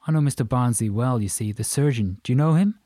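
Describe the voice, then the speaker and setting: A man voicing a stocky, white-haired Irish man in his fifties with an Irish accent, effusive and boastful, talking fast. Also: mid-range voice, mellow, dry recording, clean studio sound, natural voice. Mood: boastful chatty. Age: 50s.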